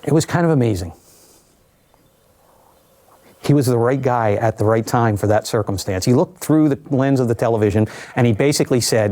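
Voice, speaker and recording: In a documentary interview, an older man with a warm, medium-pitched voice recounts surviving his ordeal. He is measured and reflective, adding vivid asides.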